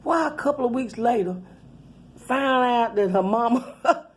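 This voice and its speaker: A woman's voice: on the high side, expressive, unhurried. A middle-aged woman telling a rambling, profane, laughing story in casual chat. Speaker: channel host.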